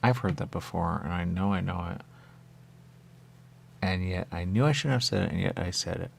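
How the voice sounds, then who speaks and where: A man with a deep, low-pitched voice and a gravelly, fry-laden texture hosts a radio talk show. He rambles in a meandering monologue, circling back over the same phrases as he muses aloud. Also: normal speed, a little hiss or hum. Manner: repetitive, meandering, musing aloud.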